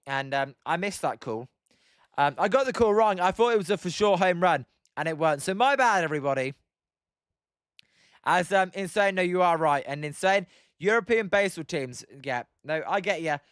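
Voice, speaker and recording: A young man with an English accent and a fairly high voice, riffing casually through live baseball commentary and reading out viewer comments. His delivery is loose and full of "um"s. The recording is dry and close, with no room sound. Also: a bit bright, smooth, no echo. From England. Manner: chatty, reads viewer comments aloud, frequent "um". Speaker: livestream host watching baseball.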